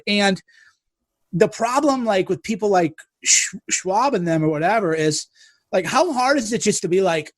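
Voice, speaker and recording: A man's voice: high voice, expressive, normal speed, no echo. A man in casual podcast chat who talks animatedly and mockingly, acting out quotes as he goes. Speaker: podcast guest.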